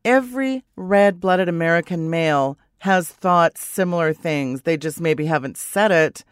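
Female radio co-host, indignant and blunt, lower voice, dry close recording. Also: unhurried, clear, resonant tone, dry recording. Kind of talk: conservative Christian radio talk.

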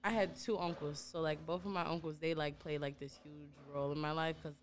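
Profane, animated young woman storyteller. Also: deep voice, a little fast, a little hiss or hum. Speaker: radio personality guest. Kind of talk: casual podcast chat.

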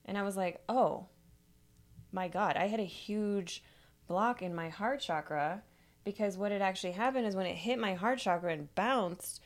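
A woman's voice: mid-range voice, moderate pace. A woman guest on a podcast telling a personal story in a chatty, casual way, full of "like" and laughter.

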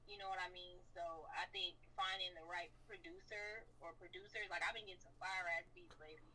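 Bright-voiced Bay woman rapper. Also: on the low side, flat delivery, moderate pace, distant mic, a little hiss or hum, rough recording. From Oakland, California. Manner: loose, slangy and profane, full of fillers. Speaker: rapper and podcast guest. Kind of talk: casual podcast chat.

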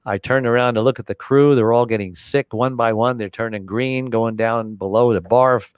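An older American man, a guest on an interview show, telling a story in an animated way and acting out the voices of the people in it. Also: mid-range voice, moderate pace, smooth, no room sound. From United States. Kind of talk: storytelling in conversation.

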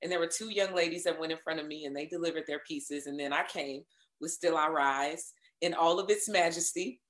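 A woman voiceover artist telling her career story in a casual interview, animated and acting out what people said. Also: deep voice, fairly quick. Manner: animated, acts out quoted dialogue.

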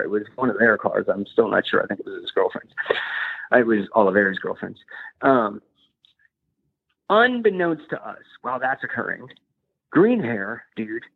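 A man's voice: medium pitch, creaky, slightly rough, dry recording. A man casually telling a long, rambling anecdote, laughing often and acting out the voices of other people. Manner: animated, laughs often, acts out quoted voices. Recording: tinny phone-like sound.

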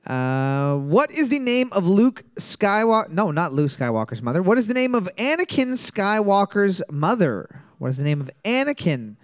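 A man's voice: high-pitched, big pitch swings, normal speed, hardly any pauses, no room sound, studio quality. A man hosting a trivia podcast, reading questions twice and joking and laughing with his co-host. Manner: repeats each question twice, laughs easily.

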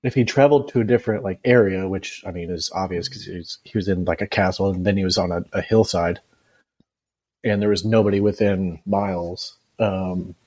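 A man's voice: low-pitched, fairly even intonation, brisk, a little mellow, no room sound. A man on a casual book podcast, asking hesitant questions with many fillers. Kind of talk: casual book-club chat.

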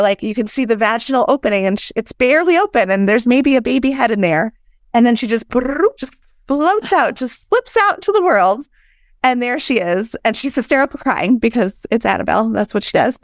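A woman in her thirties, a doula and founder, telling her own birth story as a podcast guest in an animated, candid way and acting out what people said. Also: fairly high pitch, no room sound, studio quality. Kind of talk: personal storytelling in conversation.

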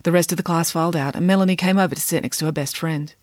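A woman's voice: low voice, very fast, no room sound, clean studio sound. A woman reading a children's storybook aloud expressively.

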